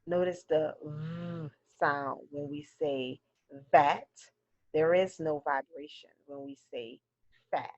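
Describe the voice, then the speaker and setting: A woman teaching a phonics lesson to children, slowly drilling pairs of words for the class to repeat. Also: deep voice, steady tone, a little mellow, no room sound, dull audio. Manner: slow, clearly drilled word pairs.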